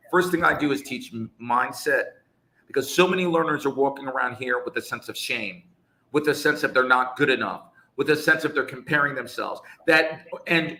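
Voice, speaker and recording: A man co-hosting a live chat as an English teacher. He talks in an emphatic, preaching way, firing off rhetorical questions. His voice is bright and forceful, and the room around him rings with echo. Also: on the high side. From United States. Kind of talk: live conversational discussion.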